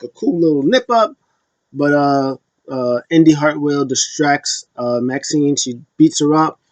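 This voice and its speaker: Sitting on the high side, this man's voice carries a loose, meandering wrestling recap riddled with fillers and restarts. The audio is dull and lo-fi, dry with no echo.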